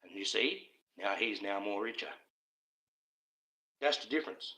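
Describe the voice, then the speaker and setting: A man's voice: lowish voice, measured pace, sharp tone, poor audio. An Australian man holds forth on a live stream, swearing freely and spinning conspiratorial tangents. His voice is tense and cutting, and he laughs at his own points. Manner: profane, conspiratorial, laughs often. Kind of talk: casual ranting monologue.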